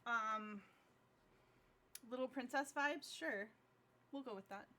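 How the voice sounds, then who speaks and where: A woman's voice: a little high, slow, pushed and bright. Woman player, hesitant and casual. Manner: casual, hesitant, many fillers. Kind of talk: describing her tabletop character.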